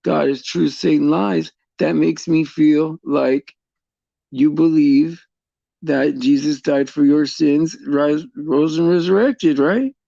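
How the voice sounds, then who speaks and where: Gravelly, dark-voiced man talking haltingly. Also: fairly high pitch, dry recording, muffled recording. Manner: halting, repeats words, many restarts. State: tearful at times. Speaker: host. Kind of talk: casual faith talk to viewers.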